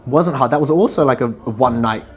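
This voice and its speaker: A man, a musician, chatting casually in an interview in a relaxed, rambling way that trails off softly at times. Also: medium pitch, a little fast. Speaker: musician guest.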